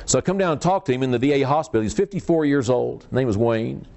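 A man's voice: medium pitch, quick pace, few pauses, darkish tone. A man preaching a sermon, telling the story in a folksy way with frequent restarts and repeated words.

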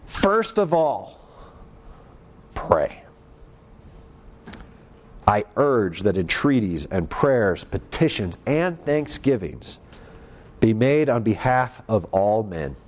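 A male preacher gives a sermon in a church, his voice pitched in the middle range. He talks in an earnest, emphatic way, pressing upward on key points. Then he lets his phrases fall low and quiet at the end. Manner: earnest, emphatic, rising to urgent appeals and dropping low at phrase ends.

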